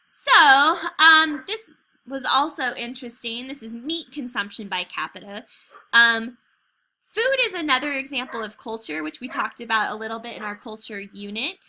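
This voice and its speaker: A woman's voice: on the high side, lively intonation, moderate pace, sharp tone. An American woman teacher giving a chatty recorded video lesson over slides, checking in with "okay?" and "right?" as she goes.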